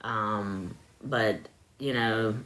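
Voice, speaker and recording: A woman hosts a casual live stream from home, speaking into her phone. Her voice sits low and moves slowly. Its tone stays bright and crisp, and she chats loosely with plenty of fillers. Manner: chatty, laughs often, drawling filler-heavy talk. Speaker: livestream host.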